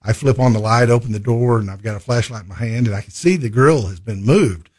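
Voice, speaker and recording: Man, conservation guest, halting folksy delivery, mid-pitched. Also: breathy edge. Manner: halting, with many uh fillers and restarts. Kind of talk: conversational interview storytelling.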